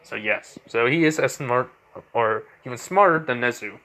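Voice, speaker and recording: A man's voice: medium pitch, normal speed, pushed and bright. A man improvising a fan story aloud, rambling and full of fillers and restarts.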